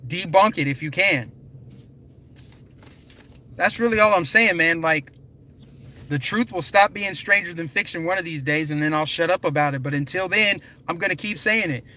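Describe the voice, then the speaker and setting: A man's voice: on the high side, moderate pace, pushed and bright, poor audio. A young man live streaming, talking emphatically and directly to his viewers in a conversational way. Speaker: political vlogger.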